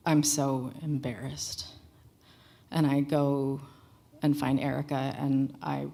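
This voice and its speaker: A woman's voice: sits low, gravelly, darkish tone. A woman telling a candid first-person story on stage at a live storytelling show, in a plain conversational way. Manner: candid, conversational, matter-of-fact.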